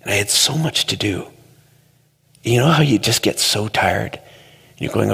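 A man telling a story in a conversational, animated way during a talk. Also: on the low side, a little slow, gravelly, pauses often, breathy edge. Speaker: speaker. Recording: long hall reverb.

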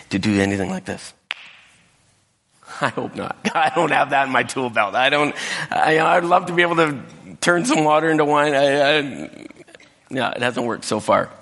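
A male pastor delivering a sermon and telling a story, dropping to whispers and rising high when he quotes people. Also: fairly bright tone. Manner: storytelling, drops to whispers and rises high when quoting others. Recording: echoey hall with long reverb.

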